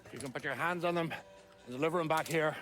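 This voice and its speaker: A man's voice: on the high side, fast talker, a bit bright, soft background music, lightly acted. A man playing a foul-mouthed Belfast crime boss. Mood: gruff, scheming. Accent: Belfast Irish. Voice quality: heavy profanity, blunt. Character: foul-mouthed Irish male crime boss, gruff and scheming.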